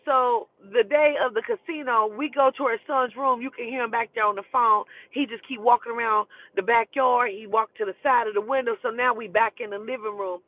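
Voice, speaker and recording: A woman's voice: fairly high pitch, steady tone, a little fast, hardly any pauses, no echo. A woman telling a story in a casual, profane and emphatic way. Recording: tinny phone line, dry.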